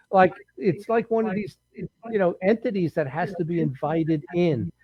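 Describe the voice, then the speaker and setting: High-voiced man telling rambling stories. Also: moderate pace, husky, dry recording, muffled recording. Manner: rambling anecdotal storytelling with many restarts. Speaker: paranormal researcher guest. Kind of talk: casual interview storytelling.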